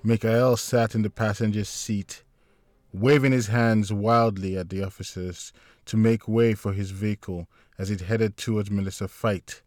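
A man narrating an audiobook chapter in a steady, plain storytelling voice. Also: lowish voice, no echo, clean studio sound.

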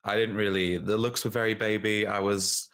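Low-voiced man in casual chat. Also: little pitch movement, fairly bright tone, clean tone. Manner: chatty, laughs while talking, quick asides.

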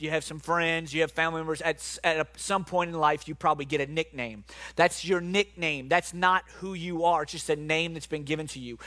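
A man's voice: on the high side, a bit bright, no room sound. A male pastor preaching a sermon, calling out to his congregation and reading scripture aloud. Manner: preaching with call-outs to the congregation.

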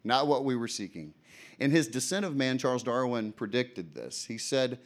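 A man delivers a sermon in a middle-pitched voice. He talks conversationally and keeps asking his listeners questions. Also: expressive, normal speed. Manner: conversational, asks the audience questions. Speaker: preacher.

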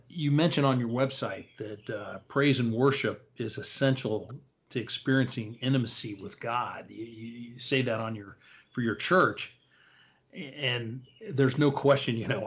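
Soft-spoken male interviewer, dull audio. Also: medium pitch. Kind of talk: interview conversation.

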